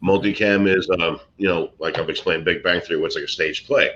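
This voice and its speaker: A man's voice: low-pitched, steady tone, brisk, fairly bright tone. A man, an actor and comedian from Brooklyn, telling rambling showbiz stories in casual chat with many fillers and restarts. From Brooklyn, USA. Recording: dull lo-fi sound.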